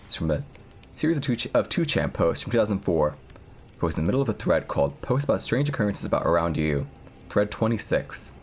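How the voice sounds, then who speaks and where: A man's voice: deep voice, slight background noise. A young man live-streaming, chatting casually with viewers in a rambling, profane way. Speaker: streamer reading horror stories.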